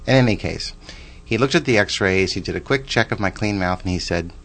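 Chatty low-voiced man in his forties. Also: a little fast, fairly bright tone. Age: 40s. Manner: chatty and rambling, with frequent restarts and side remarks. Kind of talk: casual personal storytelling.

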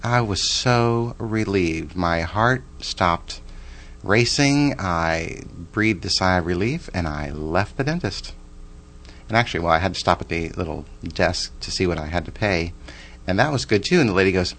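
A man's voice: low-pitched, expressive, moderate pace, a bit bright. A man in his forties telling a personal story in a chatty, rambling way, with restarts and side remarks. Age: 40s.

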